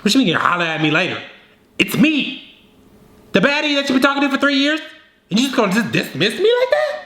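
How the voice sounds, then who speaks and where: A man's voice: very high voice, huge pitch swings, quick pace, pushed and bright, roomy sound, voice pushed up, heavily acted. A man putting on the voice of a sassy young woman who is being brushed off, speaking in an indignant, slangy, mocking way.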